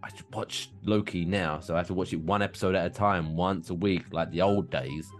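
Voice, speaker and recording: A man's voice: deep voice, fairly even intonation, a little fast, faint music behind. A man co-hosting a podcast in casual chat, telling profane rambling stories with a tired, wearing-out voice. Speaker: podcast co-host.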